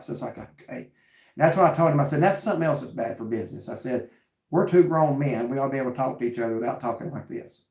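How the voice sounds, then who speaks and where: A man's voice: fairly high pitch, quick pace, a little mellow, roomy sound. A man hosting a casual chat and telling a story earnestly with quoted back-and-forth dialogue. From North Carolina. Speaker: vlog host reading live chat.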